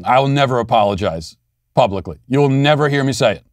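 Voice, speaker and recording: A man's voice: medium pitch, expressive, fast, no room sound, studio quality. A man in his thirties hosting an opinion podcast, talking in a defiant, sarcastic and emphatic way. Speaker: podcast host. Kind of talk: opinion commentary monologue.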